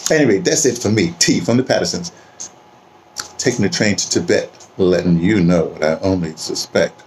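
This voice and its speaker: A man with a fairly low voice rambles casually to his camera, circling back on his words and leaning on "you know." He talks from home, and a faint ambient hiss sits under his voice. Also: normal speed, a little mellow. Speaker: vlogger.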